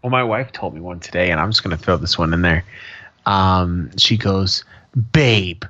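A man co-hosting a podcast, telling crude, joking stories in a loose, animated way. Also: low-pitched, normal speed, no room sound. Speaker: podcast co-host. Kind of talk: casual chat. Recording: dull, dry, slightly lo-fi mic.

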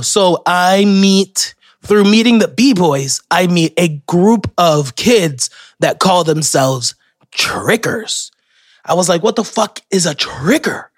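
A man's voice: sits high, dry recording, clean studio sound. A young man hosting a podcast, telling rambling, profane stories in a casual solo monologue. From Florida. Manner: rambling, profane, self-interrupting storyteller. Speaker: podcast host.

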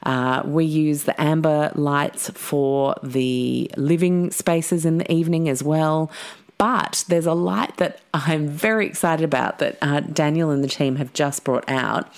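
Low-voiced chatty woman host. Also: steady tone, a little slow. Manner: enthusiastic, chatty with many fillers. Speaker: podcast host. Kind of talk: podcast intro and ad read.

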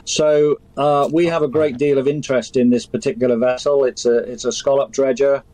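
A man's voice: medium pitch, fairly even intonation, fairly quick, dark tone, no echo, low-quality recording. A man speaking as a fishing industry representative in a live TV interview, hesitant and restarting often.

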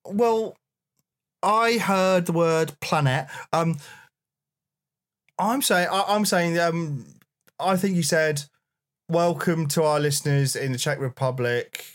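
A man's voice: on the high side, slow pace, pauses often. A man co-hosting a comedy podcast, rambling hesitantly with fillers. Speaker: podcast co-host. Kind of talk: casual comedic chat.

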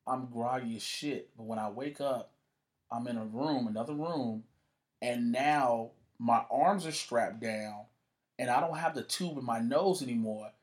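A man's voice: medium pitch, a little slow. A man telling a story in a casual conversation as a guest, cursing freely and acting out the voices of the people he quotes. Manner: profane, animated, acts out quoted voices.

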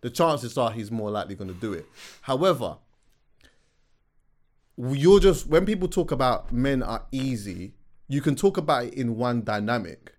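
A man's voice: medium pitch, animated, normal speed, darkish tone. A man co-hosting a podcast, explaining his point in chatty casual talk with frequent agreeing interjections. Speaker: podcast co-host.

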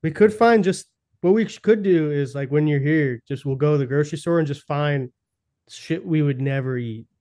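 A man's voice: a little high, moderate pace, warm tone. A young man co-hosting a podcast, trading sarcastic, profane jokes in casual chat. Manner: sarcastic, joking, swears often. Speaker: podcast co-host.

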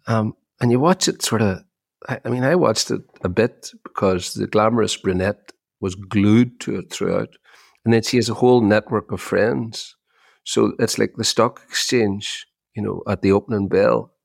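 A middle-aged man, co-hosting a chat podcast as an animated storyteller who often repeats his opening words. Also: on the low side, moderate pace, gravelly, no echo, studio quality. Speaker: podcast co-host. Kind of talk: casual chat.

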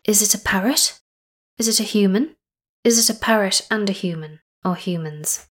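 A woman hosting a podcast, chatty and enthusiastic, sometimes dropping to a soft whisper. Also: medium pitch, normal speed. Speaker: podcast host. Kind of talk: casual podcast narration.

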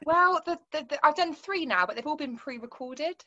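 A woman's voice: sits high, lively intonation, normal speed, sharp tone. Chatty Wiltshire woman on a muffled line. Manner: chatty, laughs easily. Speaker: podcast guest and radio presenter. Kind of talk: casual chat.

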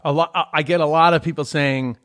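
A middle-aged man from Queens with a thick New York accent, talking in a slightly raised register. He tells stories with animated, sweary energy, stumbling and restarting as he goes. Casual, unscripted chat. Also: fairly high pitch, quick pace. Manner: animated storytelling, swears freely, restarts often.

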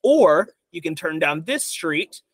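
A young man narrating as dungeon master, explaining choices in a relaxed, rambling way. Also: fairly high pitch, takes it slowly, no echo. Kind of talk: narrating a tabletop game.

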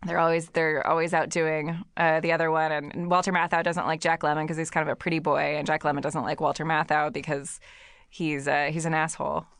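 Low-voiced woman rambling through a plot. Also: little pitch movement, a little fast, a bit bright, smooth, no room sound, studio quality. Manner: rambling, giggly, many fillers and restarts. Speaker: podcast co-host. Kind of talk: casual chat, retelling a movie plot.

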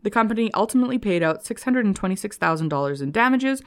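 A woman's voice: mid-range voice, expressive, quick pace. A woman co-hosting a casual podcast, telling history and teasing her co-host in a dry way. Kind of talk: casual chat with read-out history.

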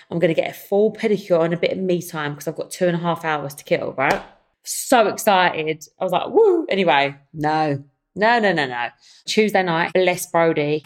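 A young woman, hosting her own podcast and telling a story in a casual, animated way, often calling her listeners "guys". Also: lowish voice. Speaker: podcast host. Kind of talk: casual chatty monologue.

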